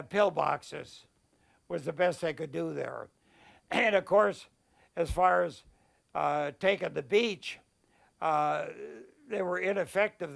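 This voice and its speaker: An older man, a war veteran, recounting memories in an oral history interview, halting and searching for words, at times emotional. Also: high-pitched. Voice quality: gravelly.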